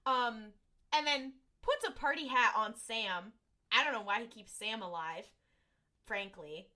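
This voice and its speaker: A young woman talks through a TV episode on a podcast, her voice high and bright. She rambles with fillers and keeps breaking into acted-out quotes of the characters. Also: unhurried. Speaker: podcast co-host. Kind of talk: casual chat recapping an episode.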